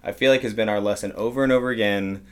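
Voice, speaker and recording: A man's voice: lowish voice, steady tone, rapid-fire, smooth. A man co-hosting a church podcast, joking around in casual rambling banter. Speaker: co-pastor and podcast host.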